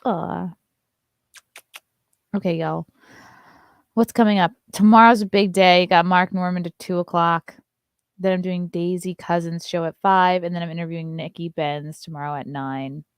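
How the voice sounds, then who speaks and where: A woman's voice: lowish voice, fairly even intonation, moderate pace, long pauses, clear, resonant tone, no echo, clean studio sound. A woman comedian hosting a casual morning show, chatting loosely and reading viewer comments, sometimes slipping into sing-song baby talk with her dog.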